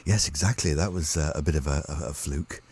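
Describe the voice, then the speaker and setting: A middle-aged English man, a guest on a breakfast radio show, telling anecdotes in a lively, chuckling way. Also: a bass voice, a little fast, breathy edge, no echo. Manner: lively storyteller, chuckling often.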